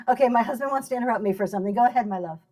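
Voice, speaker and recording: A woman's voice: a little high, rapid-fire, mellow, faint music behind. A middle-aged woman teaching live selling in a casual livestream, chatty and laughing often, speaking to viewers by name.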